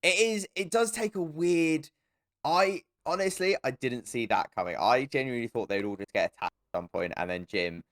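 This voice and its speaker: A young man co-hosting a casual film podcast, animated and swearing, often jumping into high mocking voices. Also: normal speed, no room sound, clean studio sound. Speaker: podcast co-host. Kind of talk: casual film review chat.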